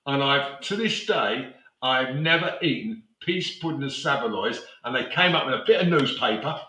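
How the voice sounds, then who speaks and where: A man's voice: medium pitch, lively intonation, normal speed, bright, forceful tone, reverberant, recorded from a distance, slight background noise, low-quality recording. An older man with a South London accent, chatting and reminiscing casually as co-host, laughing easily. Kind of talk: casual chat.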